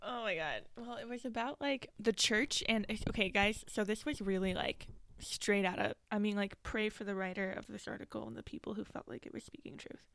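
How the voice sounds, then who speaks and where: A woman co-hosting a podcast, telling stories in a lively, casual way, often laughing between phrases. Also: medium pitch, a little fast, vocal fry, no echo. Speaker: podcast co-host. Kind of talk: casual faith chat.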